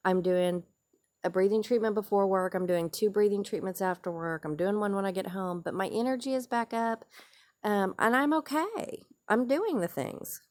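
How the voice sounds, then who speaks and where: A woman's voice: medium pitch, normal speed, darkish tone. A woman vlogger telling a raw, emotional personal story to camera, earnest and repeating key phrases for weight.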